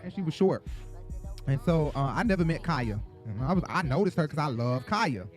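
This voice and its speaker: A man from Atlanta hosting a gossip show, telling stories in a sassy, profane, animated way. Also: fairly high pitch, moderate pace, soft background music. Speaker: show host. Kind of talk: casual gossip commentary.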